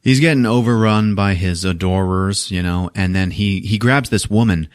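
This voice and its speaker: A man's voice: sits low, moderate pace, dry recording, studio quality. A man casually retelling a movie plot on a podcast, swearing freely and acting out the scenes. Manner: animated, profane storytelling. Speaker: podcast host.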